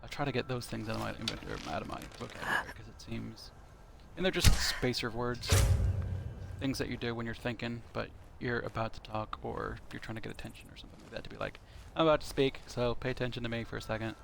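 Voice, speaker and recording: Gravelly man rambling over gameplay. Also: mid-range voice, fairly even intonation, fast, heavy background noise. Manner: rambling, thinking aloud with many fillers. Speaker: streamer. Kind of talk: casual commentary while playing. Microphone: console headset.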